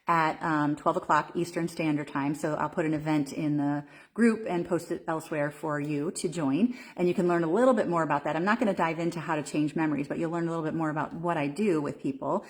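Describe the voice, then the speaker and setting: A woman coaching viewers during a live video stream, talking casually with frequent fillers and restarts. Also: sits low. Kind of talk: Facebook Live talk.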